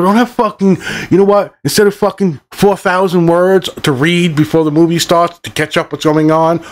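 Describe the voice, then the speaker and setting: A middle-aged man with a fairly high voice rants with frustration, cursing in almost every sentence. He jumps from one complaint to the next as he reviews a movie on his channel. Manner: angry, swearing constantly, rambling. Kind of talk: profane ranting movie review.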